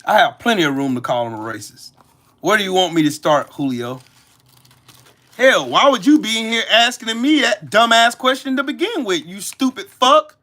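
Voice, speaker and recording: A man's voice: expressive, fairly quick. A man hosting a live stream, angrily cussing out viewers in chat and answering them by name. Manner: angry, profane, cussing out viewers; swings between loud shouting and low muttering. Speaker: livestream host.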